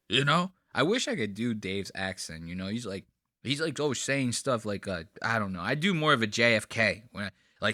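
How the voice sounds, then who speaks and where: A man hosting a podcast, reacting to clips in casual commentary, excitable and swearing freely. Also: a little high, normal speed, dry recording, clean studio sound. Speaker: podcast host.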